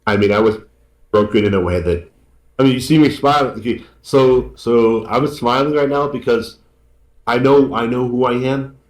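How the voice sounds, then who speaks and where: A man's voice: mid-range voice, normal speed. A man being interviewed as a guest author, talking earnestly and repeating his words, tearing up. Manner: earnest, repeats himself, grateful. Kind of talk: emotional interview talk. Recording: echoey room.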